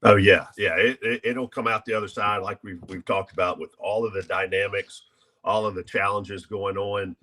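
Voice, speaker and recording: A man on a sports panel talks in a deep, low voice. He speaks in a measured way, leaning on fillers as he thinks. His outlook stays upbeat throughout. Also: steady tone, sharp tone. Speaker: college sports consultant. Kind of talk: casual panel discussion.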